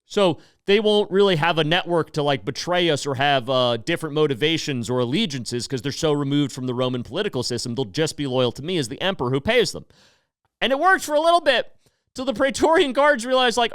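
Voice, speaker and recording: A man's voice: fairly high pitch, brisk, fairly bright tone, clean tone, no room sound, studio quality. A man hosting a podcast, ranting in a heated, profane, sarcastic monologue. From United States. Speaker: podcast host.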